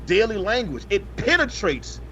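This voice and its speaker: A man's voice: high-pitched, sing-song, normal speed, fairly bright tone. A man co-hosting a casual podcast, reading a news story aloud with profane, joking asides. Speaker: podcast co-host. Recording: slightly dull, faintly noisy podcast audio.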